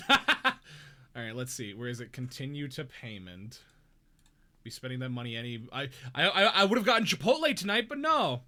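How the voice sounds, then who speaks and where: A man's voice: medium pitch, very animated, normal speed, long pauses, sharp tone. A young man chatting casually on a live stream from his home, giggly and rambling. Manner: giggly, rambling, self-deprecating. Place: home room.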